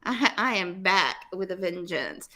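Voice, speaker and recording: A woman's voice: fairly low pitch, lively intonation, measured pace, pushed and bright. A woman co-hosting a casual podcast chat, emotional and fired up as she talks. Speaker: podcast co-host.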